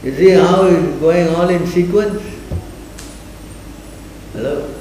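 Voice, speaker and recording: A man's voice: high voice, slow pace, dark tone. Man lecturing on scripture in an echoey room. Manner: questioning, repeatedly asks the audience to answer. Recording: echoey room, faint noise.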